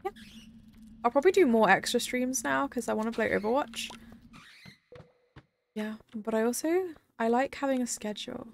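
A young woman chats loosely through a game stream, drifting between comments on the game and replies to her viewers. Her voice sits a little high with a steady gravelly fry, and she giggles and rambles as she goes. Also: moderate pace, pauses often, a little hiss or hum. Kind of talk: casual live-stream chat while gaming.

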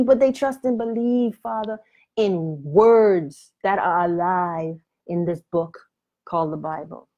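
A woman's voice: fairly low pitch, slow, dark tone. A woman teaching on the Bible in a preaching video, speaking in a colloquial and emphatic way. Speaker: Christian author and Bible teacher.

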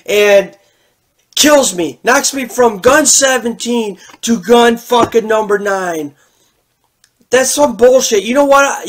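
A young man with a strikingly high voice rants while gaming, swearing constantly. He circles back to the same angry phrases again and again, co-hosting his gaming channel. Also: normal speed, a bit bright. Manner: swearing, repetitive outbursts.

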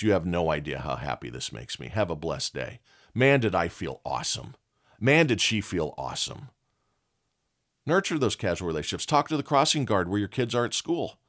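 A middle-aged man hosting a motivational talk show, blunt and folksy, telling stories. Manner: blunt, folksy storytelling with lively swings in pitch. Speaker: podcast host.

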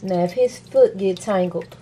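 A middle-aged woman vlogging in a chatty, animated way and talking straight to her viewers. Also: mid-range voice, unhurried, a little hiss or hum. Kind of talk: casual chatty vlog.

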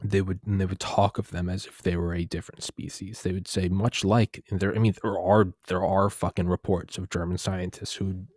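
A young man with a deep, low voice rambles through a casual monologue. He swears freely and keeps restarting his sentences. The sound is close and dry. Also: flat delivery, normal speed, few pauses, a little mellow, dry recording. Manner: profane, digressive, restarts often.

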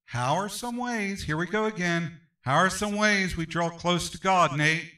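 A man's voice: high-pitched, a little slow, hardly any pauses, bright, forceful tone, distant mic, low-quality recording. Male pastor leading Sunday school; brassy, ringing voice, emphatic call-and-response, picked up from across the room. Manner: emphatic, repeats phrases, calls for amens.

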